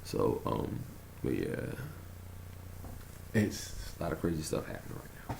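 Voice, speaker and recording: A man rambling through a casual vlog monologue, telling a story in an animated way, chuckling and trailing off while he searches for words. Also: very deep voice, measured pace, gravelly, slight background noise. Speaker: conspiracy vlogger.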